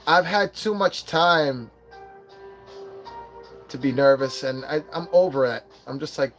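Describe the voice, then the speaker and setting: A man's voice: mid-range voice, a little slow, long pauses, fairly bright tone, soft background music. A man in his forties, hosting a casual livestream and telling a rambling, profane story. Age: 40s. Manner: profane, rambling storytelling with put-on quoted voices. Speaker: livestream host.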